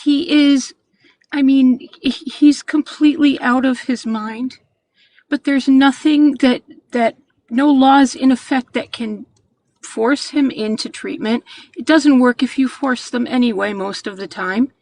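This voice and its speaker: Halting, earnest woman in her sixties. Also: sits high, darkish tone, low-quality recording. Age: 60s. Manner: halting, earnest, with frequent restarts. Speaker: caller. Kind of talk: call-in chat.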